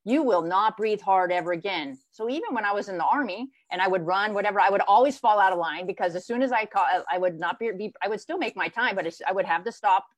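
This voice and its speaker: A woman's voice: mid-range voice, fast, hardly any pauses, no room sound. A woman guest in a conversational interview, speaking earnestly, restarting often and acting out her inner voice.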